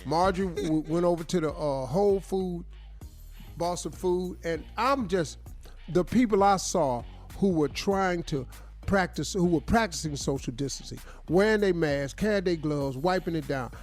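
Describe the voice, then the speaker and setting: A man's voice: on the high side, normal speed, a little mellow, faint music behind. A man hosting a radio morning show, telling stories in loose, slangy talk and often repeating himself. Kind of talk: animated casual storytelling. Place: radio studio.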